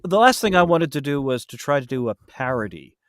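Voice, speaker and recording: Animated man talking shop on a podcast. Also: a little high, brisk, dry recording, studio quality. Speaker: guest, audiobook narrator and voice actor. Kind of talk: casual podcast chat. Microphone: podcast studio mic.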